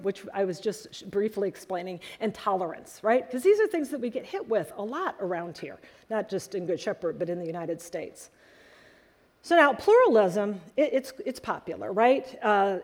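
A woman preaching a sermon to her congregation, telling stories in an earnest, animated way. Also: on the high side. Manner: earnest storytelling, animated emphasis.

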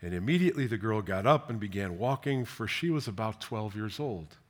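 A man preaches a sermon, reading scripture aloud and commenting, shifting between gentle tenderness, soft whispers, and lively, emphatic questions. His voice is fairly low-pitched and fairly quick.

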